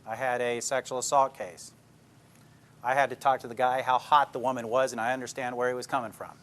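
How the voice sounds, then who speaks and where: Speaking informally to a class, an older man who works as a police detective tells plainspoken stories and checks in with the audience as he goes. His mid-range voice has a flat delivery, a fairly bright tone, and a slightly fast pace.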